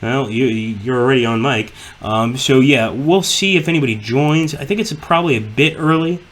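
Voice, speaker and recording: Guy streaming, casual rambly talk, cusses a lot, um and uh everywhere, average pitch. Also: moderate pace. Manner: rambling, profane, lots of fillers. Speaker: livestream host. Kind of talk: casual chat.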